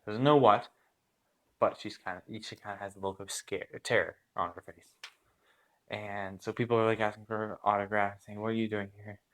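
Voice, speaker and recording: Rambling low-voiced man running a game. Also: steady tone, normal speed, fairly bright tone. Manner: rambling, full of fillers and restarts. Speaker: game master. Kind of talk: narrating a story game.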